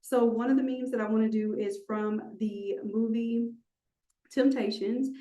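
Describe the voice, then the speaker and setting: A woman instructor teaching a live online design class, animated and playful, talking straight to her viewers. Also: medium pitch. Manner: animated, playful, talks to the audience. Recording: roomy echo.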